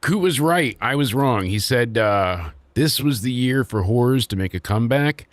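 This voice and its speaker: A man's voice: medium pitch, expressive, unhurried, no echo. A young man hosting a casual wrestling review podcast, recapping with crude sarcasm and acting out quotes.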